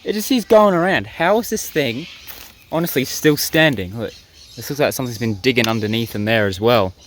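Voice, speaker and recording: A man's voice: medium pitch, lively intonation, fairly quick, a bit bright, slight background noise, rough recording. A young man, chatting casually outdoors in a gardening vlog and laughing often between phrases. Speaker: vlogger. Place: outdoors in the bush by a creek.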